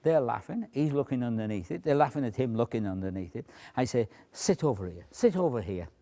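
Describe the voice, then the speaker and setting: A man teaching a stage routine, explaining how he cues volunteers and dropping to a hushed near-whisper to demonstrate. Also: mid-range voice, expressive, fairly quick. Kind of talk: demonstration lecture.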